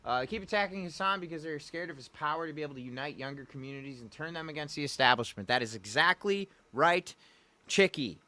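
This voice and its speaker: A man's voice: fairly high pitch, fast talker, hardly any pauses, pushed and bright. A man hosting a casual livestream, rambling and folksy as he talks to viewers in the chat. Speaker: livestream host. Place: Louisiana.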